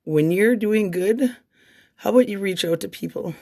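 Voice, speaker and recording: Tearful woman with a gravelly voice. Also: mid-range voice, moderate pace, warm tone. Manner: raw, repetitive, swears, rallying plea. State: crying. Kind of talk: emotional vlog monologue.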